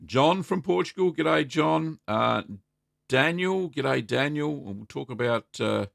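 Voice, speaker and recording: A man's voice: fairly high pitch, animated, slow pace, gravelly, fairly bright tone, no echo, clean studio sound. A middle-aged Australian man hosting a casual live stream, rambling in a friendly way and greeting viewers by name. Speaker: host.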